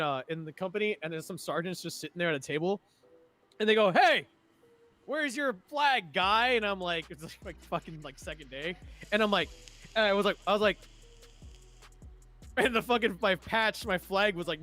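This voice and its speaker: A young man telling army stories in casual chat, profane and laughing often, acting out shouting sergeants. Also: high voice. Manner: animated, acts out sergeants' shouts. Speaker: streamer and army veteran.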